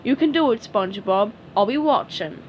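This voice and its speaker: A woman voicing a dim, friendly male starfish who talks slowly and loudly in a storybook reading. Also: a little high, expressive, lo-fi sound, slight background noise, natural voice. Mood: dopey. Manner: slow, dopey, emphatic.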